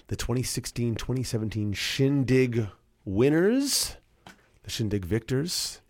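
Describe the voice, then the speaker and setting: A man's voice: mid-range voice, sing-song, a little slow, a little mellow, no room sound. A man hosting a campus radio show in a studio, chatting casually and rambling with fillers and self-corrections.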